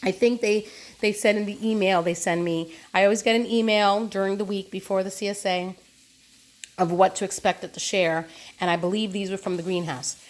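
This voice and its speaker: A woman's voice: mid-range voice, fairly even intonation, a little fast. Chatty woman vlogging her produce haul. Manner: chatty, enthusiastic, eats while talking. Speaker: vlogger showing a farm share haul. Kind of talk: casual chatty vlog. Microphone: phone camera.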